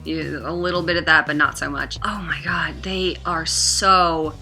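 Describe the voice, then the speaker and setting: Young woman, game reviewer, casual and blunt, fillers everywhere, forceful tone. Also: deep voice, fairly even intonation, unhurried, faint music behind. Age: young adult. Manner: chatty, heavy on fillers, blunt and swearing.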